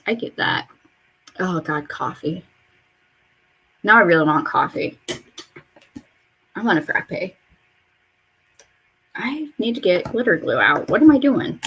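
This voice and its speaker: A woman in her mid-twenties chatting casually while getting ready in her bedroom, rambling and swearing, with sudden high excited jumps in pitch. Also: slight background noise. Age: mid-20s. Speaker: vlogger. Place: bedroom at home.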